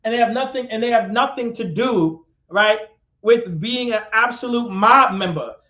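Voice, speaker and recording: A man's voice: high-pitched, normal speed, sharp tone. A man teaching a live-streamed class lecture, repeating himself and putting questions to his listeners. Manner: repetitive, questions the audience and calls on them. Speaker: class instructor. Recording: echoey, dull lo-fi sound.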